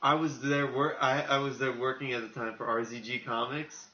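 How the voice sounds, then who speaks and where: A man co-hosting a casual podcast chat, chatty and quick to jump in and riff. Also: medium pitch, steady tone, pushed and bright. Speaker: podcast co-host. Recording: roomy, dull lo-fi sound with faint noise.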